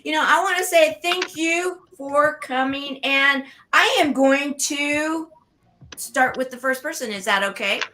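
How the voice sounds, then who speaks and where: A woman co-hosting an online interview show, asking guests questions in a halting way, often searching for words. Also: high voice, sharp tone, slight background noise. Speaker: show co-host. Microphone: video call.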